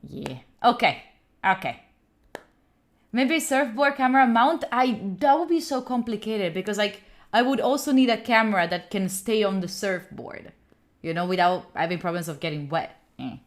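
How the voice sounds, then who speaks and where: A young Italian woman who streams while studying talks casually to her chat, answering viewers' questions and laughing frequently. She's a young adult from Italy with an Italian accent, and her medium-pitched voice has lively intonation at a moderate pace.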